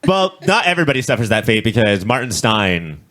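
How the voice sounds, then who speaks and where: A young man with a mid-pitched, bright, forceful voice talks as a podcast co-host. His manner is blunt and salty, and he swears freely while he rants in loose, casual chat. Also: sing-song, brisk, slight background noise. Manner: blunt, profane, and ranting. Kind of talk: casual chat about a TV show.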